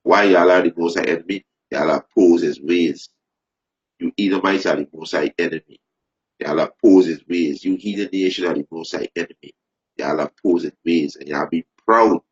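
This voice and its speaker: A man preaching fervently, repeating phrases, restarting sentences and rising into loud emphasis. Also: sits low, moderate pace. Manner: repetitive, stumbling restarts, rising to shouted emphasis. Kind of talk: impassioned preaching. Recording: dull lo-fi recording.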